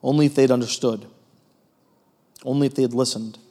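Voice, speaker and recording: A man preaching a sermon in an earnest way, moving between emphatic stretches and hushed ones, with frequent fillers. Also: mid-range voice, steady tone, fairly quick. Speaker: pastor.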